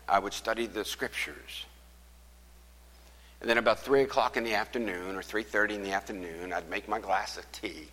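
A man's voice: deep voice, pushed and bright, in a large hall. A man preaching, telling a folksy personal story in an earnest sermon voice. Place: church.

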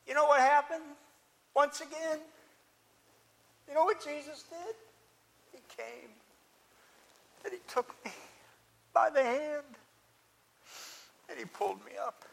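A man's voice: extremely high pitch, takes it slowly, creaky, pauses often, fairly bright tone, exaggerated voice. A man preaching as the apostle Peter, an impulsive and talkative fisherman, telling his story in the first person with earnest, searching restarts. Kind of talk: first-person dramatic monologue.

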